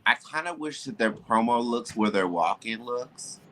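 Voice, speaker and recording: A man co-hosts a podcast from home, with building noise nearby, speaking candidly and emphatically in casual chat and dropping into asides. His mid-range voice is animated, bright, and forceful at a moderate pace.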